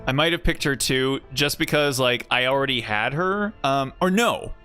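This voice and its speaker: A man's voice: mid-range voice, animated, moderate pace, sharp tone, clean tone, faint music behind. A man streaming a game. He rambles casually, swears freely and often breaks off his own sentences. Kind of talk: casual gaming stream commentary.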